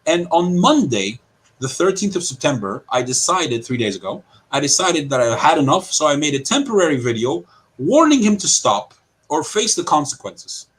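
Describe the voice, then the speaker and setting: A man from Britain, a guest on an online panel, talking fast and aggrieved with frequent halting restarts. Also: fairly high pitch, sing-song, low-quality recording.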